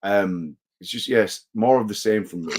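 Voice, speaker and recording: A man with a fairly low voice chats as a guest in a casual interview. He rambles through stories with restarts and pokes fun at himself. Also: moderate pace, darkish tone, a little hiss or hum. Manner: self-deprecating, rambling storyteller. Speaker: guest wrestler.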